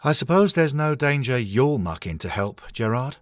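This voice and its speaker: A man's voice: mid-range voice, big pitch swings, moderate pace, dry recording, studio quality, voice pushed up, natural voice. A man voicing an anxious male cuddly hornet mascot toy who pleads and grumbles. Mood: sarcastic. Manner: fretful, pleading, exasperated.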